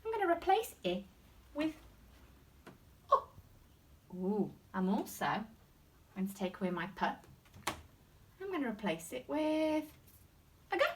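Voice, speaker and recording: A woman with an English accent teaching a phonics lesson to young children, using an animated, exaggerated sing-song classroom voice. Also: high-pitched, a little slow, pauses often, distant mic, slight background noise. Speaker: primary school teacher.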